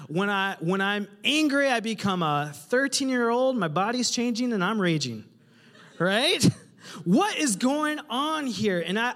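A male pastor preaching a humorous, animated sermon to his congregation, often putting questions to the listeners. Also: high voice. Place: church hall with a congregation. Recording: reverberant hall.

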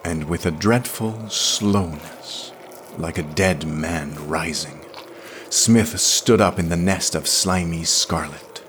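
Male narrator for a dramatic sci-fi reading, very deep voice, slow and measured, hushed delivery. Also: a little hiss or hum. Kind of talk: dramatic audiobook reading of pulp science fiction.

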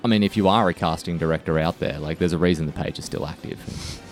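Deep-voiced man in casual podcast chat. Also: quick pace, faint music behind. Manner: self-deprecating, laughs at himself. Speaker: podcast co-host.

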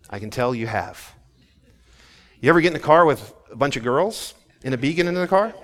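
Impassioned preacher. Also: male voice, mid-range voice. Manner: swings between hushed, intimate passages and rising, fervent preaching; repeats and restarts words as he builds intensity. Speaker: pastor. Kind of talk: sermon.

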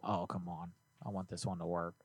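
A man's voice: low-pitched, little pitch movement, fairly quick, creaky, heavy background noise. A man hosting a prank call livestream, crude and laid-back, talking close into a studio mic. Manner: crude, laid-back, calls people honey. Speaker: prank call show host. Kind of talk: livestream banter.

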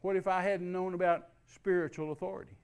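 A man's voice: high voice, fairly even intonation, brisk, a little mellow, clear, resonant tone. A man preaching a sermon, emphatic and repetitive, spelling out key words letter by letter.

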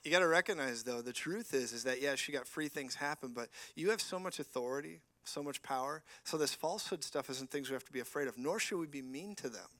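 A male preacher giving a sermon, telling stories in an animated way, joking and acting out the people in them. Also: medium pitch, brisk, few pauses, no echo. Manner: animated storytelling, acts out voices, joking.

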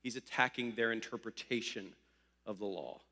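A man's voice: lowish voice, normal speed, sharp tone. A young man from Ohio preaching a sermon, telling stories in a conversational way with joking asides. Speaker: pastor. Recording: long hall reverb.

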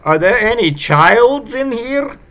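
A man putting on a creepy high Yule lad. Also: lively intonation, slow, pushed and bright, heavily acted. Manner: clumsy put-on foreign accent, high and nasal-sounding. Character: creepy Icelandic Yule lad, a male folk prankster.

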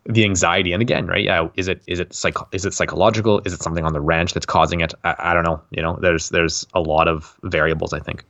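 A man's voice: low voice, fairly even intonation, quick pace, hardly any pauses, fairly bright tone. A man speaking as a podcast guest and author in casual interview chat, rambling with many fillers.

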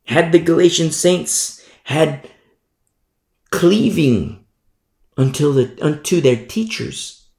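A man preaching a sermon with emphatic force, swinging from loud declarations down to hushed asides. His voice sits fairly high and has a gravelly edge. The room around him rings with echo. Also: takes it slowly, pauses often. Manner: mimics sinners in quoted asides. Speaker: pastor.

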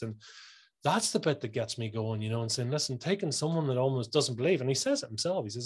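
This author and coach talks as a guest in a relaxed conversation, his mid-range voice slightly rough, very animated, and quick. He's an eager storyteller who performs other people's lines as he goes.

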